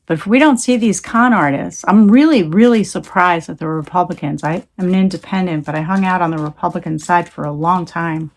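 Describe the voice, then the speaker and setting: A woman's voice: fairly low pitch, brisk, few pauses. A woman talking into her phone in a rambling, emphatic monologue, swearing when she gets heated. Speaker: tarot reader.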